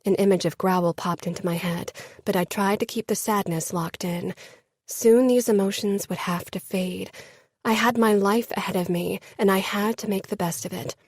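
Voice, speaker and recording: A woman reads a first-person romance audiobook in a steady, scripted way. Her voice sits at a middle pitch, and the recording is close and dry with no room sound. She nudges her pitch up a little when speaking as the characters. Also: normal speed, slightly rough, no room sound. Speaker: audiobook narrator.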